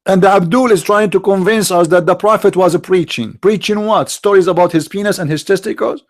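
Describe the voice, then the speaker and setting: Sarcastic man with a high voice. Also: brisk. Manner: sarcastic, mocking, jeering. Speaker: online commentator. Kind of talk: mocking rant.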